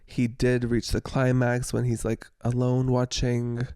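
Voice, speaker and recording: A man's voice: medium pitch, monotone, unhurried, dark tone, smooth, no room sound, clean studio sound. A man co-hosting a podcast, chatty and giggly, trailing off in fillers as he talks. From the American South. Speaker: podcast co-host. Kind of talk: casual chat.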